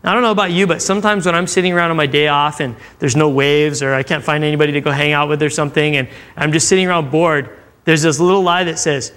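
A youth pastor gives a sermon in a loose, chatty way, turning to the room with questions. His voice sits a touch higher than most men's. He slips into quoted voices as he goes. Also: steady tone, fast, fairly bright tone, clear, resonant tone. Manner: conversational, acting out quotes, asks the crowd questions. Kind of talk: sermon to a live audience. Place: church room with audience.

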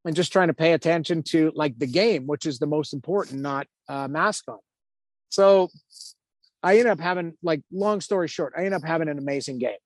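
A man's voice: fairly high pitch, dry recording. A man in his fifties, a former hockey goalie turned TV analyst, telling a story in a casual interview, acting out quotes with lots of "like". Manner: animated, acts out quotes, lots of "like".

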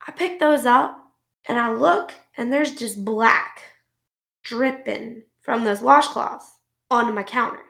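A woman co-hosting a podcast, telling an angry story about her kids in a casual, animated way with plenty of swearing. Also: a little high, slow pace, creaky. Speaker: podcast co-host; mother. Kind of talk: casual ranting chat.

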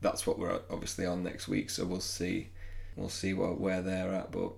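A man's voice: deep voice, monotone, normal speed, gravelly. A man co-hosting a football podcast, chatting loosely, rambling and laughing at himself. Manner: rambling, self-mocking, laughs often. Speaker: podcast co-host. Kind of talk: casual chat.

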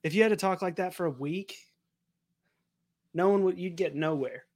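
Male podcast co-host, fairly high voice, jokey, keeps the conversation moving. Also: normal speed, a little mellow, dry recording. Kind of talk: casual chat.

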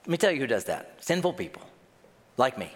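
Male pastor, sermon, animated storytelling, medium pitch, long hall reverb. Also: brisk. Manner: animated storytelling, acts out quoted voices.

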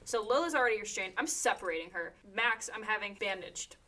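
A woman's voice: medium pitch, lively intonation, fairly quick, bright, forceful tone, distant mic. A woman playing a detective in a tabletop game, rambling with lots of "like". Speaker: player.

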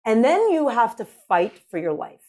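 A woman hosting a podcast interview, effusive and encouraging, her voice dropping low and soft on heavy topics. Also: big pitch swings, moderate pace. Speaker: podcast host. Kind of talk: emotional interview conversation.

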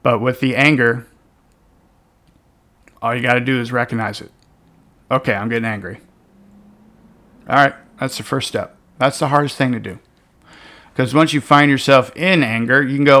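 A man talking casually and bluntly as he gives relationship advice, swearing now and then and punching key words loudly before dropping into softer asides. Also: medium pitch, moderate pace, long pauses. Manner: blunt, animated, swears casually, swings between loud emphasis and soft asides.

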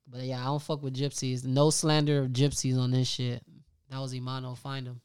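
A young man on a podcast, chatting casually and teasing his friends in slang, animated when he tells a story. His voice comes across smooth and clear. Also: medium pitch, a little fast. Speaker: podcast co-host. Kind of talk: casual chat.

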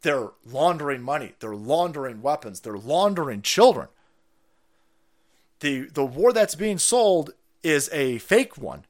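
A man rants through his livestream in a foul-mouthed, mocking voice that leaps between shouts and low mutters. His pitch sits fairly high and swings widely. The delivery is loose, sarcastic commentary. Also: sing-song, unhurried. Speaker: livestream host. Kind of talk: profane ranting commentary.

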